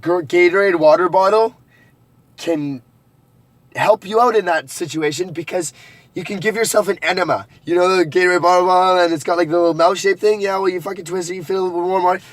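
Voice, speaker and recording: A man's voice: high-pitched, no room sound. A young man vlogging a rambling, profane confessional monologue, joking darkly as he goes. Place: rural home at night, partly outdoors.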